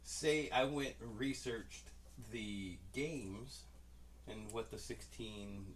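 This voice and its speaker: A podcast co-host with a fairly low voice speaks slowly over slight background noise. His chat is casual storytelling that wanders, is full of profanity, and features acted-out dialogue.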